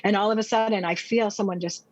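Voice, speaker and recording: A woman's voice: mid-range voice, fairly even intonation, quick pace, no room sound, lo-fi sound. An American woman, a pastor and speaker, telling her personal testimony vividly and acting out her own past words as a podcast guest. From United States.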